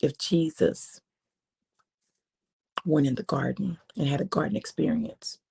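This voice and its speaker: A woman preacher telling a sermon story in a conversational way, with drawn-out phrasing and quiet emphasis. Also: deep voice, creaky, breathy edge.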